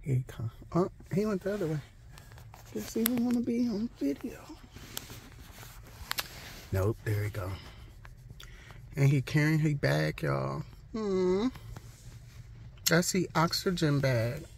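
A woman's voice: sits low, very animated, slow pace, vocal fry, pauses often, a little mellow, a little hiss or hum, rough recording. Sassy, emphatic woman vlogging from a car. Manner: sassy, emphatic, repeats herself for effect. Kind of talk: casual storytime vlog. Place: parked car outside a hospital. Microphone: handheld phone camera.

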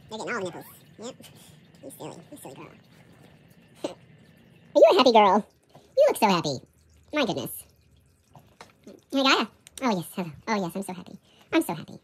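A woman's voice: mid-range voice, husky. A woman filming her cats at home, cooing at them in repetitive baby talk. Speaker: cat owner filming her pets. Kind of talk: casual home video, baby talk to pets.

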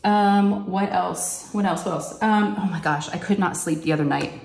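A middle-aged woman, chatting casually to her viewers while she crafts, acting out what others said in a higher voice. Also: normal speed, creaky, a little mellow. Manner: chatty storyteller who acts out quotes in a higher voice. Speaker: crafting vlogger. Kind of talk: casual chat while diamond painting. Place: home craft room. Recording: echoey room, faint noise.

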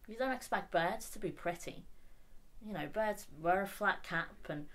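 A woman performing her spoken word poetry on stage with a wry, blunt, deadpan humour. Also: medium pitch, moderate pace. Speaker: poet.

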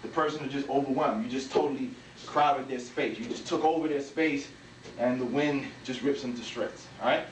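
Male martial arts instructor, mid-pitch, demo narration, echoey hall, off-mic. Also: normal speed, slight background noise. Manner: talks while demonstrating moves, punctuated with "bam" and "boom". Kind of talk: demonstration walkthrough. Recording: echoey room, from a distance.

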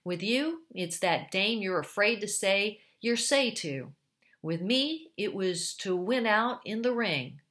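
A woman doing a gruff streetwise ex-boxer tramp. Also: mid-range voice, expressive, slow pace, fairly bright tone. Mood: gloomy. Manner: streetwise slang, blunt.

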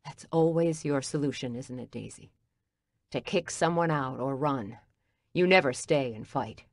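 A woman's voice: very deep voice, measured pace, no room sound, clean studio sound, heavily acted. A woman reading an audiobook, voicing a hurt, angry man who speaks in a brusque, cutting way. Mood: bitter. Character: angry wounded man arguing with his ex.

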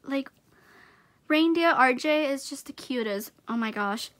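A young woman with a high, bright voice talks through an unboxing in a casual vlog. She gushes and giggles over each item, excitable and chatty. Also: measured pace. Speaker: vlogger unboxing gifts.

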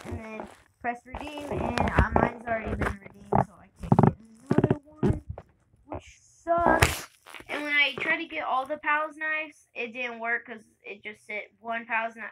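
A young woman giving chatty, excitable gameplay commentary for her channel, laughing and shrieking often. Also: a little high, very noisy. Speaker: gaming channel host.

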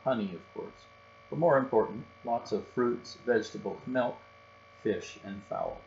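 A man narrating a children's storybook aloud in a steady, gentle way. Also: medium pitch, unhurried, creaky. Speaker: storybook reader. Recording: dull recording with faint hum.

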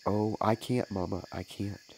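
A man's voice: lowish voice, steady tone, unhurried, gravelly, darkish tone, a little hiss or hum, low-quality recording. A man voicing a remorseful little boy caught stealing apples, pleading through sobs. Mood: sobbing. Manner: sobbing, pleading.

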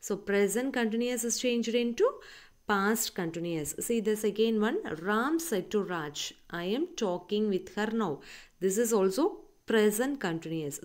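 Tamil-accented woman teaching children grammar. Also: mid-range voice. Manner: mixes Tamil and English, addresses children, keeps checking "okay?". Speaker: English tutor. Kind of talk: grammar lesson for schoolchildren.

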